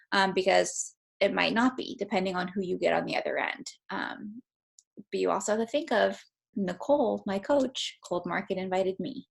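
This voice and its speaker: Brief: team leader on a video call, a woman with a gravelly, fry-laced voice, casual and filler-heavy, salty language. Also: mid-range voice, fairly bright tone.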